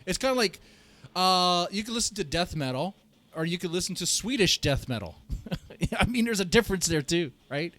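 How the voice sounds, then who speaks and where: Heated, animated man ranting on stream. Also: sits high, moderate pace. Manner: swearing, animated, laughs at himself. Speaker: streamer reacting to a video. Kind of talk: heated live-stream reaction rant.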